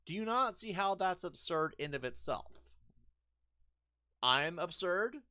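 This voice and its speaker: A man's voice: sits high, animated, measured pace, bright, forceful tone, dry recording, studio quality. A man streaming a video game who rants in a combative, profane and sarcastic way. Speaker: gaming streamer. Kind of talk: casual rant over gameplay.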